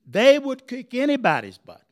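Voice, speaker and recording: An older man tells history in a loose, wandering way and keeps asking his listeners if they follow. His voice sits high for a man. He swoops up and down in pitch as he talks. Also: moderate pace. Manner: animated, conversational, asks the audience questions. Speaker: history speaker. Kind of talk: digressive storytelling history talk.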